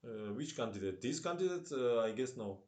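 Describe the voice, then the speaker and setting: A man's voice: medium pitch, animated, moderate pace, darkish tone. A man with a Russian-tinged accent and broken English, commentating chess on a live stream, chatting with viewers and laughing often. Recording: roomy echo.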